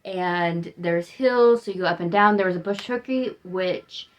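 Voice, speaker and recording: A woman's voice: lowish voice, a little slow. A young American woman chatting casually in a vlog, rambling and upbeat, sounding tired. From United States. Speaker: vlogger.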